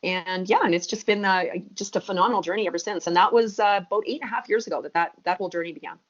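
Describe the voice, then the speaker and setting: This is a podcast interview with a female guest in her thirties who tells her story energetically and with emphasis. Her medium-pitched voice races along, and the audio is muffled and lo-fi.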